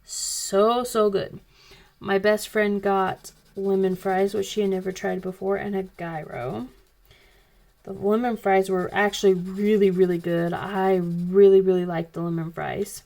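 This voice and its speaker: A woman's voice: mid-range voice, flat delivery, measured pace, creaky, dark tone. A woman hosting a coloring video, telling a rambling, chatty story in casual talk. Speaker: coloring channel host. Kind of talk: casual chat while coloring.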